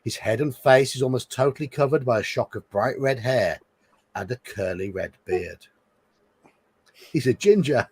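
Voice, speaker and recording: Lively, husky man reading a gamebook. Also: mid-range voice, normal speed, no room sound. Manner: reads aloud with asides and chuckles. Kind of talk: live gamebook playthrough narration.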